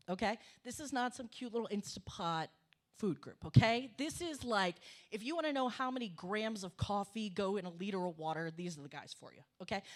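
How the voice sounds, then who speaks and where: A middle-aged woman telling a comic story on a cafe stage, animated and emphatic, swearing for punch. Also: medium pitch. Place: small cafe stage before an audience.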